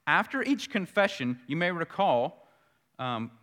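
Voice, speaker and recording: A male pastor preaching a sermon earnestly, repeating key phrases and swelling louder on his points. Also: a little high, sing-song, measured pace.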